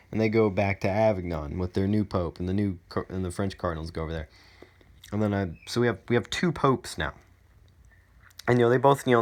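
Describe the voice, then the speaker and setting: A male student giving a casual, rambling, irreverent spoken summary full of fillers. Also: low voice.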